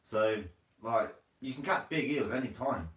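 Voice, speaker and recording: A man's voice: mid-range voice, measured pace, a bit bright, far from the mic. A man hosting a fishing channel live stream, reading viewer comments aloud in a casual, chatty way and calling people mate. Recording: roomy, from away from the mic.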